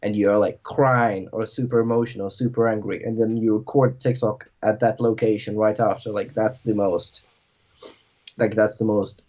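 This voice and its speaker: A man's voice: fairly low pitch, level tone, normal speed, a little mellow. A man chatting casually as a podcast guest, rambling and filling his talk with "like". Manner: rambling, filler-heavy, lots of "like". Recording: dull lo-fi audio.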